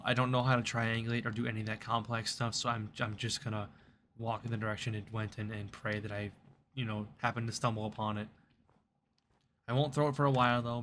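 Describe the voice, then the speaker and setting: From his computer desk, a streamer offers chatty, self-mocking live commentary on his game, including remarks aimed at its creatures. His voice is lowish and a bit bright, and there's a little hiss or hum.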